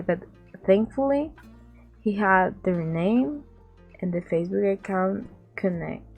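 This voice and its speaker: A young woman with a Latin American accent, telling a rambling storytime in casual chat, repeating herself and acting out the people she quotes. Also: medium pitch. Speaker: vlogger.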